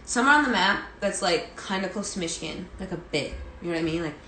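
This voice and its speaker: A woman's voice: fairly low pitch, expressive, fast, sharp tone, reverberant, a little hiss or hum. A young woman, a girl group singer, chatting casually with viewers during a live stream from home, rambling with lots of "like" and "you know". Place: indoors at home, near a heater. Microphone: phone.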